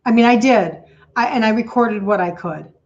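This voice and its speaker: A woman's voice: fairly high pitch, normal speed, dull audio. A middle-aged woman, a health coach hosting an emotional livestream talk, speaking emphatically with lots of repetition and greeting viewers by name.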